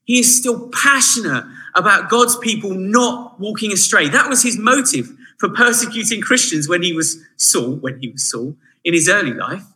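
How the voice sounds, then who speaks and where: Bright-voiced man preaching. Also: sits high, moderate pace, hardly any pauses, poor audio. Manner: chatty, animated, with frequent asides to listeners. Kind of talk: sermon.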